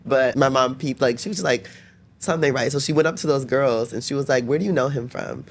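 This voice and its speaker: Fast-talking chatty young man. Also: mid-range voice, slight background noise. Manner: chatty, constantly says "like", acts out quotes. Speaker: podcast guest. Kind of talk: casual storytelling.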